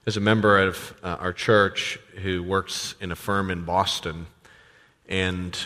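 Guy pastor giving a sermon, kinda low voice, big church echo, chatty with lots of ums. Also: little pitch movement, takes it slowly, pushed and bright. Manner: conversational, with frequent fillers and restarts. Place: church sanctuary. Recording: long church reverb.

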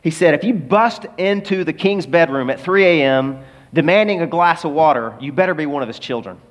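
A man preaching a sermon in a church, conversational and animated, with asides to the congregation. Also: fairly high pitch, a little fast, long reverb tail. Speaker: pastor.

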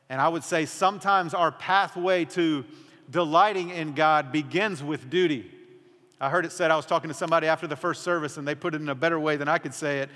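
A man preaching in a church sanctuary, his slightly high voice ringing through a long hall reverb. He is earnest and dramatic, sometimes sinking to a hush. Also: fast. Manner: earnest, dramatic drops to a hushed voice. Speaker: pastor. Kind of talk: sermon.

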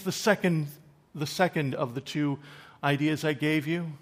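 A man preaching a sermon, swinging from loud, emphatic scripture reading to quiet, conversational asides to the congregation. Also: a little high, steady tone, unhurried. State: choked up with emotion.

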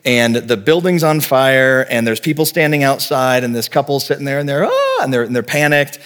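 A man's voice: mid-range voice, steady tone, brisk, a bit bright. A man in his forties, a pastor giving a sermon in a conversational, earnest way, telling vivid stories and speaking plainly to the congregation.

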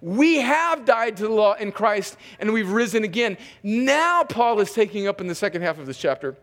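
A man with a high-pitched voice preaches an expository sermon. He reads scripture aloud and stops to comment between the verses. He talks with emphasis and often repeats a word as he rephrases. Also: sing-song, normal speed, fairly bright tone, long reverb tail. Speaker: pastor.

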